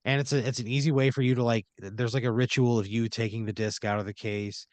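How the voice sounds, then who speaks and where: A man improvising a comedic story on a podcast, narrating in second person with deadpan, drawn-out phrasing. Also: mid-range voice, no room sound. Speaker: podcast host spinning a scenario.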